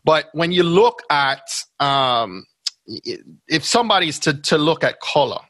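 A man's voice: a little high, big pitch swings, unhurried, pushed and bright, no echo. A man with a Jamaican accent, a podcast guest explaining things step by step in casual interview talk. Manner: explains step by step, often checks in with "right?". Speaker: podcast guest, brand strategist.

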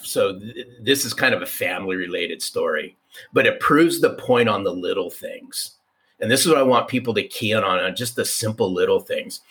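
Low-voiced guy in his 50s telling a story, lively, keeps restarting lines. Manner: animated, restarts, repeats for emphasis. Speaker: guest. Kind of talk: conversational storytelling.

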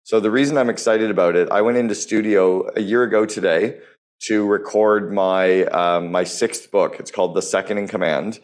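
A man's voice: fairly low pitch, steady tone, normal speed. A man hosting a podcast interview, talking enthusiastically and bluntly, with casual swearing. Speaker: podcast host.

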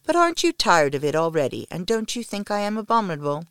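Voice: big pitch swings, fast, a bit bright, clear, resonant tone, no room sound, studio quality. A reader voicing a capricious, commanding young noblewoman in an audiobook, teasing and haughty by turns. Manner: commanding, teasing, raised pitch and volume. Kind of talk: audiobook reading of a novel.

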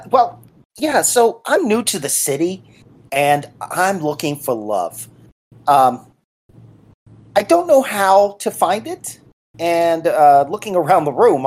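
A woman plays a naive young man looking for love, in a low, lively voice for a tabletop game. The speech is hesitant and full of ums and uhs. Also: full character voice.

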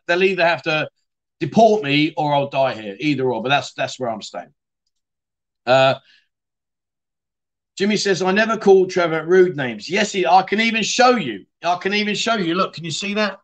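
A man's voice: fairly high pitch, animated, brisk, fairly bright tone. A middle-aged man from the UK hosting a casual livestream, reading out viewer comments in a chatty, blunt way and calling people mate. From United Kingdom. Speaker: livestream host.

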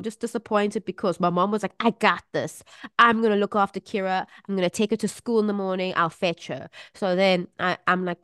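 Woman on a podcast, smooth clear voice, bit low, dry close sound. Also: no echo. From South Africa. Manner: animated storytelling, acts out quoted voices. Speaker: podcast co-host. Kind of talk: casual chat.

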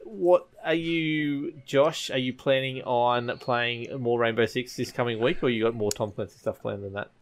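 A man hosting a casual gaming podcast, talking in a relaxed, rambling way. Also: mid-range voice, moderate pace, hardly any pauses. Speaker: podcast host.

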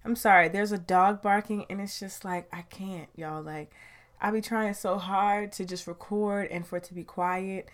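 A woman hosts a podcast from her home. She talks in a candid, chatty way at a middle pitch, sighing now and then and letting sentences trail off. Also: fairly even intonation, moderate pace. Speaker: podcast host. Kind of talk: casual chat. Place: recorded at home.

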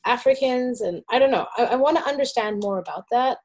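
A woman hosting a relaxed interview conversation, her voice warm and mellow. She talks haltingly, restarting sentences and reaching for the right words as she thinks aloud. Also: fairly high pitch. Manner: hesitant, searching for words, many restarts and "like". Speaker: podcast host.

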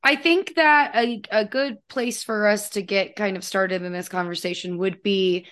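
A woman's voice: mid-range voice, steady tone, a little slow, a bit bright. A young woman co-hosting a podcast in casual chat, swearing and laughing as she talks. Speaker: podcast co-host.

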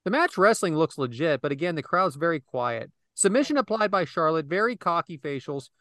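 Man, podcast host, play-by-play recap, calls on co-hosts, highish lively voice, dry sound. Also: a little fast, no echo. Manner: animated, calls on co-hosts by name. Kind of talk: casual chat with play-by-play recap.

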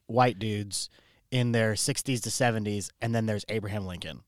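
A young man co-hosting a casual comedy podcast, trading playful deadpan one-liners. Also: lowish voice, moderate pace, no echo, clean studio sound. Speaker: podcast co-host, the show's dater.

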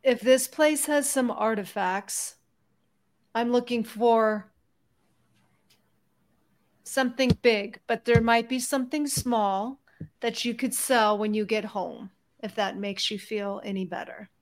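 A woman playing a tabletop role-playing game, speaking both in and out of character in a brisk, teasing manner. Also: on the high side, steady tone. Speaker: player voicing a character.

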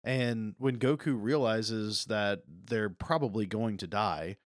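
A young adult man co-hosting a podcast, casually recapping a movie and acting out character lines with animated bursts. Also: fairly low pitch, slow pace, no echo, studio quality. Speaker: podcast co-host.

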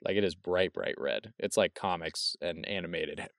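Deep-voiced man chatting on a podcast. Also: no room sound, studio quality. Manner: rambling, quick restarts, swears casually. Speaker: podcast co-host. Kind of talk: casual film review chat.

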